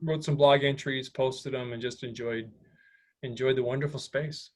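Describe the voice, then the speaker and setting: A man's voice: medium pitch, steady tone, normal speed. A man presenting a slideshow to an audience in a meeting room, chatty and rambling, with many restarts. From United States. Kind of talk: informal slideshow talk.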